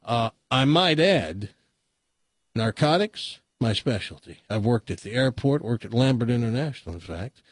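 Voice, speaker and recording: A man's voice: on the low side, no echo. A man putting on a bragging talking dog named Duke. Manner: chatty, bragging, rambling. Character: boastful talking male dog, retired working dog. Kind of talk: joke storytelling on radio.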